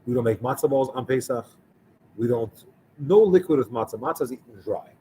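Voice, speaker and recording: A man's voice: medium pitch, lively intonation, a little fast, mellow, a little hiss or hum, rough recording. Man telling a story as a rabbi. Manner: conversational, acts out the dialogue of the people in his story. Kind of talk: storytelling sermon.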